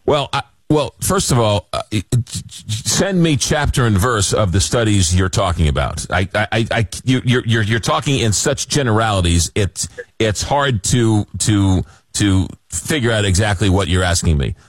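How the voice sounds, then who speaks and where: A man's voice: on the low side, expressive, no room sound. A man hosting a late-night call-in radio show, reading listener messages and stumbling through restarts. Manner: reads listener messages, halting with many restarts. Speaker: radio talk show host.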